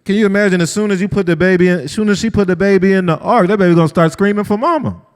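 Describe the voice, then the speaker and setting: A man teaching a lively, conversational sermon-style lesson and asking his group questions. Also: high-pitched, rapid-fire, clean tone. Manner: lively, talks straight to the group, asks them questions. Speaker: Bible study teacher. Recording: long hall reverb.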